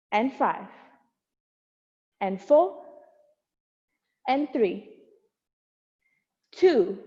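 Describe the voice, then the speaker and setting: A woman's voice: on the high side, dark tone. A young woman leading an at-home barre workout, cueing moves and counting reps, sometimes out of breath, recorded on earbuds. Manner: encouraging cueing with counts, light laughs. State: out of breath at times while exercising. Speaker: barre instructor. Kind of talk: guiding an at-home workout class. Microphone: wireless earbuds. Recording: dull lo-fi sound with long reverb.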